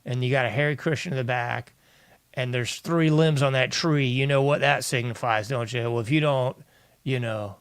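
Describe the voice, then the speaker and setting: A man's voice: mid-range voice, moderate pace, clean tone, no echo, clean studio sound. A male host giving an exasperated, ranting political commentary monologue, often addressing his listeners as "folks".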